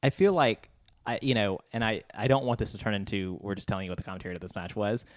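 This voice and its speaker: A man chatting as a podcast co-host in a somewhat low voice. He is enthusiastic and often stammers and restarts mid-thought. The sound is dry and close to the mic. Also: fast, no echo. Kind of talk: casual chat.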